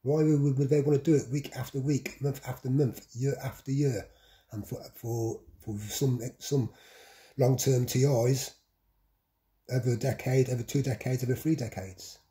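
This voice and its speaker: A man's voice: medium pitch, fairly even intonation, normal speed, dark tone. A man talking in a repetitive, insistent vlog monologue, piling up long lists. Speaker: vlogger. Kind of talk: monologue to camera.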